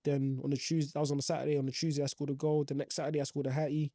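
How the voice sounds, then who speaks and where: This young professional footballer, on as a guest, races through stories of his career with slang and plenty of fillers. His mellow voice is a little high and barely moves in pitch, captured dry and clean in a studio.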